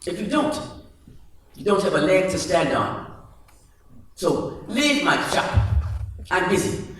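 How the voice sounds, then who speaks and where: A man's voice: sits high, very animated, slow, fairly bright tone, full character voice. A man voicing a cheating male jeweler who talks down with haughty dismissal. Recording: echoey hall from far off, faint music.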